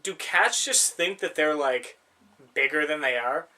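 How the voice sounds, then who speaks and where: Young man, podcast co-host, casual rambling chat, fairly high voice, bright tone, swears and laughs a lot. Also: measured pace.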